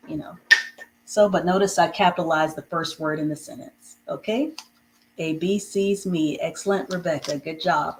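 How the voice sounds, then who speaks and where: A woman with a fairly low voice leads a live reading lesson, praising her students warmly and spelling out simple sentences at a slow dictation pace. A faint hiss runs under her voice. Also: low-quality recording. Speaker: reading teacher.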